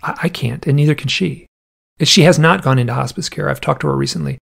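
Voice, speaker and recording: A podcast guest with a slightly high, gravelly voice talks fast while telling a long story in casual conversation. He's an animated storyteller, acting out the people in it and raising his voice for their quoted lines.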